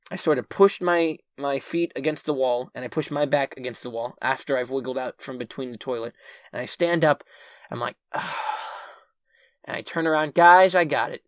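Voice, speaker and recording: A medium-pitched man, the channel's featured storyteller, talks at a moderate pace in a clean studio recording without room sound. His casual personal story to camera wanders, restarts, and includes "right?" asides. He animatedly performs his past self's panic.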